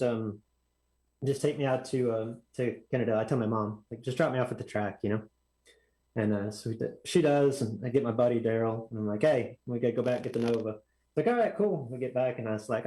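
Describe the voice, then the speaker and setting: A man telling a story as a podcast guest, animated and acting out other people's lines in a raised voice. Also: mid-range voice, rough recording. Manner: animated, acts out quotes in raised voice. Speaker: guest drag racer. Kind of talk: casual storytelling.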